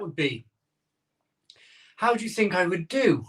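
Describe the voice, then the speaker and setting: A cheerful man with a fairly high voice, hosting a casual live stream. He talks loosely and repeats himself, with lots of ums as he chats back to viewers. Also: big pitch swings, measured pace, long pauses. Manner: chatty, cheerful, many ums and repeated phrases. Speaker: live-stream host reading viewer comments. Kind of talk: casual chat.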